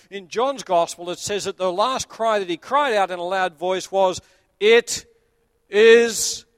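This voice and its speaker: A man, a pastor delivering an earnest sermon that swells to emphatic peaks and sinks to quiet low points. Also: dry recording. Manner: earnest preaching, rising to emphatic peaks then dropping low.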